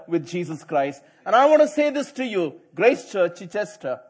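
A middle-aged male pastor delivering a sermon in a fairly high, husky voice. He moves between soft, conversational storytelling and loud, emphatic calls to the congregation. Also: very animated, a little fast, hardly any pauses.

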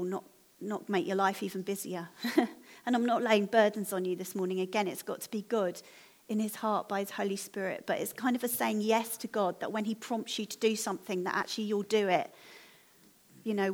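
A woman delivers a sermon to her church congregation in an earnest, encouraging tone. Her voice sits at an ordinary middle pitch for a woman. She speaks gently and appeals warmly to her listeners. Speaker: preacher.

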